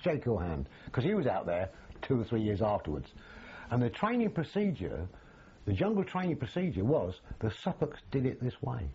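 An older man, recalling his army days in an animated, storytelling way, full of restarts. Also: mid-range voice, moderate pace, husky, dull audio. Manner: animated, acts out quoted voices, frequent restarts. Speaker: army veteran interviewee. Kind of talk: storytelling reminiscence.

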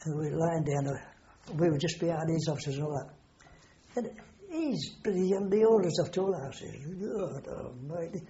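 A man's voice: fairly high pitch, moderate pace, dark tone. Rambling old man. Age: older. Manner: rambling, salty storyteller with frequent swearing. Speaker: war veteran interviewee. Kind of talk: oral history recollection. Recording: dull lo-fi recording.

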